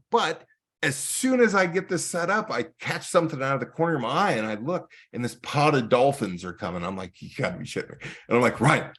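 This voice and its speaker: A photographer, appearing as a guest speaker, gives a casual presentation in a mid-range, fairly bright voice. He's expressive and brisk, telling stories and acting out the dialogue in them.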